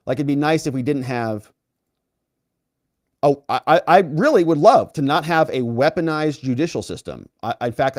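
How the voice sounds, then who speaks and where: A man hosting a live legal commentary stream, animated and moving around as he talks, wrapping up with big rallying calls to his viewers. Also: mid-range voice, no echo, clean studio sound. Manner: animated, moves around a lot while talking; big rising sign-off calls to the audience. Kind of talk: casual live-stream sign-off with viewer chat. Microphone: earpiece with separate mic, dry sound.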